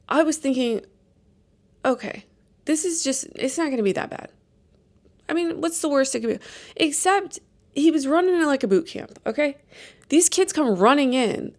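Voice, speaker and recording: A woman in her late thirties, hosting a podcast and telling stories in a chatty, animated, self-deprecating way. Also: sits high. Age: late 30s. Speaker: podcast host. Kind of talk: casual storytelling chat.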